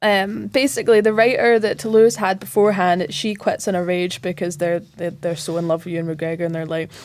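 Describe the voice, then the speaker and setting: A woman's voice: on the low side, little pitch movement, a little fast, darkish tone. A Scottish woman co-hosting a podcast, retelling a film plot in a chatty way and acting out the characters' lines. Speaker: podcast co-host.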